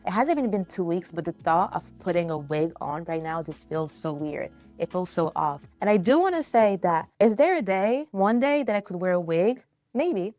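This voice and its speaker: A woman's voice: low voice, darkish tone. A young woman vlogger sharing an earnest, emotional faith-based story about her life, talking casually and openly to her viewers.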